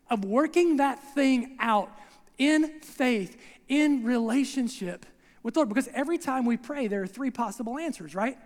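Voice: sits high, in a large hall. A preacher giving a conversational sermon who acts out scenes and keeps checking in with the congregation, recorded in a church sanctuary.

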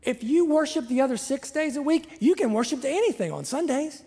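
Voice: high-pitched, very animated, brisk, warm tone, in a large hall. A pastor from Southern Ohio with a Southern Ohio accent, preaching a sermon in a conversational, joking way and repeating phrases for emphasis. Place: church sanctuary.

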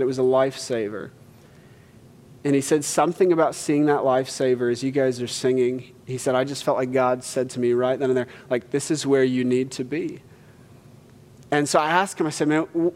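A pastor telling a story in a sermon, acting out quotes and swinging from hushed to loud. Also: male voice, a little high. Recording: church hall reverb.

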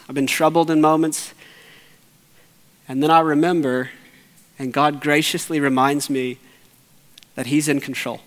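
A man preaching a sermon as pastor, earnest, sinking to hushed low tones and rising to urgent, raised appeals. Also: big-room sound. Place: church sanctuary.

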